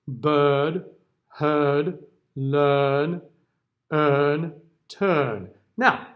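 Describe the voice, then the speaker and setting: Man, higher voice, diction teacher, classroom lecture, sings example words. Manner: explanatory, checks in often with okay.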